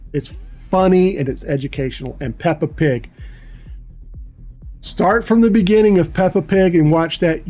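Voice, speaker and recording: A man's voice: medium pitch, darkish tone. A middle-aged man chatting casually on a livestream, telling rambling, profane stories. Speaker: livestream host. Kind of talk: casual chat.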